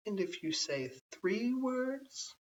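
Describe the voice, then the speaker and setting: A man's voice: high voice, sing-song, slow, voice pushed up, exaggerated voice. A man voicing a proud, sly male cat who walks by himself, speaking in a haughty, wheedling way, in a bedtime story reading. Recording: slightly distant, dull lo-fi home recording.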